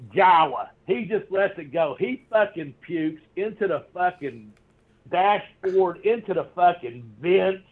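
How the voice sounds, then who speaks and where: Guy telling a long cussing story, kinda high voice, laughs a lot, muffled lo-fi sound. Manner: profane, laughing, rambling storyteller. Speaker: guest, former pro wrestler. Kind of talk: casual storytelling. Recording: dull lo-fi audio.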